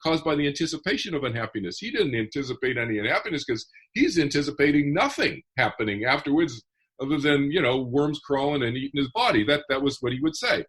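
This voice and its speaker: Give me a man with a husky voice explaining his ideas earnestly in an interview. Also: mid-range voice, expressive, quick pace, fairly bright tone. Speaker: guest author. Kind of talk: podcast interview.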